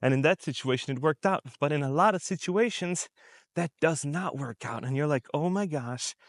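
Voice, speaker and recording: A man with a slightly raised pitch rants to his viewers in a loose, conversational way. He hammers each point twice and slips into little acted-out reactions. The sound is dry and close, with no room echo. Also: brisk. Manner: conversational and emphatic, repeats points and acts out quoted reactions. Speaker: commentary vlogger. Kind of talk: unscripted commentary to camera.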